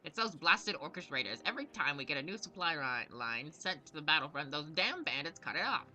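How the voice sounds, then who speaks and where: A man's voice: fairly high pitch, sing-song, a little fast, pushed and bright, voice pushed up, full character voice. A man reading the lines of a boastful, impatient gnome knight commander with a brash manner.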